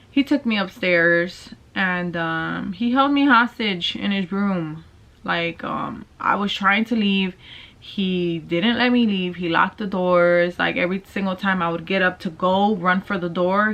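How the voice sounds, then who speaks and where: A woman's voice: fairly low pitch, pushed and bright. A young woman telling a personal storytime vlog, casual and candid, with plenty of slang and swearing. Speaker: vlogger. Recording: dull lo-fi sound.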